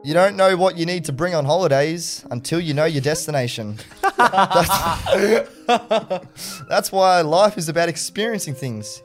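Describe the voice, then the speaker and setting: Guest, young, offhand musings, slightly high voice, faint music under. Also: male voice, animated, unhurried. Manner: offhand musing, laughs mid-sentence. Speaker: podcast guest. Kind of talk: casual chat.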